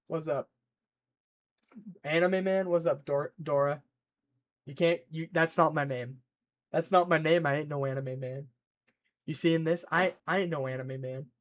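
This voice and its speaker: Excitable, rambling man streaming. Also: fairly high pitch, a little slow, long pauses. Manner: excitable, rambling, scolding his pet and reading chat. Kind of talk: casual rambling stream chat.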